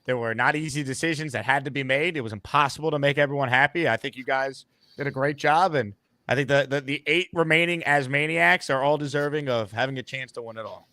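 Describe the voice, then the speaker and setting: A man's voice: mid-range voice, quick pace, pushed and bright, no room sound. A man hosting a sports podcast, chatting casually and playfully egging on his guests. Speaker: podcast host.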